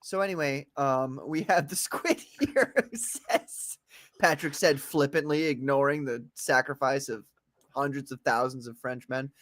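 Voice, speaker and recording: A man's voice: medium pitch, a little slow, a bit bright, dry recording. A man co-hosting a podcast, trading crude, teasing jokes in loose banter. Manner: mocking, jokey, teasing. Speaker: podcast co-host.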